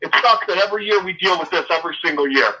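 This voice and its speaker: A man with a high, bright, forceful voice races through a fired-up rant about football as a guest fan in casual sports chat. He swears and then apologizes, and the recording is rough.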